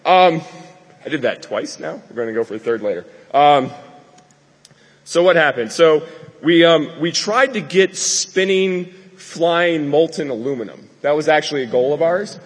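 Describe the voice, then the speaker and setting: Husky man giving a rambling hall talk. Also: fairly high pitch, normal speed. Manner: rambling, filler-heavy, joking. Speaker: conference speaker. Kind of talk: live conference talk. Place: lecture hall with an audience.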